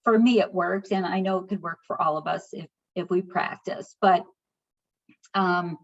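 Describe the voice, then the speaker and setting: A middle-aged American woman, a guest speaker, telling a personal story with heartfelt, animated retelling and acted-out dialogue. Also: on the low side, moderate pace. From United States. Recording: slightly dull lo-fi recording.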